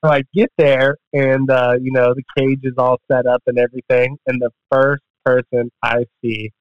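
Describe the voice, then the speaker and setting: A man's voice: medium pitch, little pitch movement, moderate pace, dry recording. Man rambling through a fight story. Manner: rambling, profane, acts out quotes. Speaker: podcast guest, MMA fighter. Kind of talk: casual storytelling. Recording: dull, dry podcast audio.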